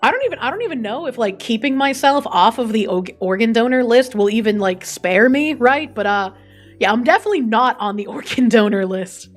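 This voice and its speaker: A woman's voice: a little high, animated, a little fast. A young adult woman streaming, chatting casually, reading an article aloud and swearing freely as she reacts to chat. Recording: faint music behind.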